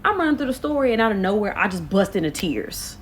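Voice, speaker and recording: A woman in her late twenties telling a storytime to camera, animated and expressive, full of slang. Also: mid-range voice, quick pace. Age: late 20s. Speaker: vlogger. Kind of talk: casual storytime.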